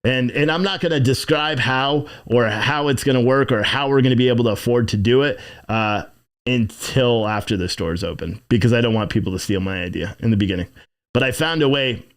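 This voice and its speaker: A man hosting a casual livestream from inside his shop, rambling and swearing as he reads chat comments and plugs his business. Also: medium pitch. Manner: rambling, profane, plugging his own business. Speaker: livestream show host.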